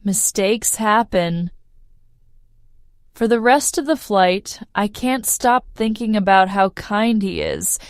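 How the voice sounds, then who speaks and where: A woman narrating a simple first-person story for English learners, clear and measured. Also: medium pitch, no echo, studio quality. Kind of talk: slow read-aloud story for learners.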